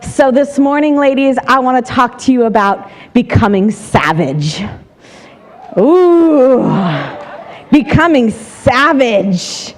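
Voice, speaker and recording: A woman in her forties giving a motivational talk to women, animated and self-mocking as she tells stories. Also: a little high, moderate pace, few pauses, slight background noise. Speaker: seminar speaker.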